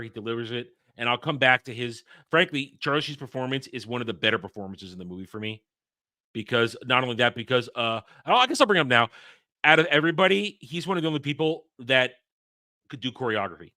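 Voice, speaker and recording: A man's voice: medium pitch, animated, fast, sharp tone, no room sound, clean studio sound. A man hosting a casual film review chat, opinionated and emphatic as he rants. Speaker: podcast host reviewing a film.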